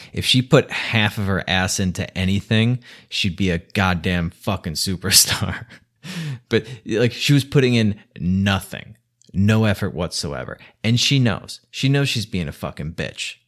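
A man delivering an exasperated, scolding rant to the camera, swearing heavily. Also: fairly low pitch. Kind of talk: angry rant monologue.

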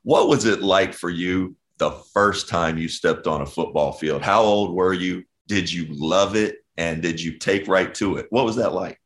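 A man's voice: low-pitched, normal speed, few pauses, fairly bright tone. A man hosting a podcast interview, asking rambling, laid-back questions. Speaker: podcast host. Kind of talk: casual interview chat.

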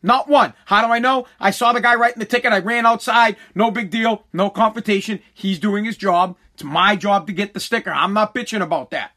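High, bright-voiced exasperated man. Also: a little fast, hardly any pauses. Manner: exasperated, rambling, swears often. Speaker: podcast host. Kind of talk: casual venting monologue.

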